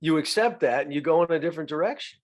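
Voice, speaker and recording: A man's voice: fairly high pitch, rapid-fire. A middle-aged man, an actor guest on a podcast, talking reflectively in a casual chat with many restarts.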